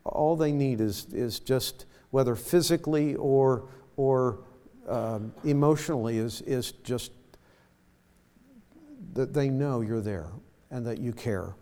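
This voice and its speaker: Slow-spoken man preaching in a reverberant hall. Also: medium pitch, dark tone. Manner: slow, halting with repeated words. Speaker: pastor. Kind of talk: sermon. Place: church sanctuary.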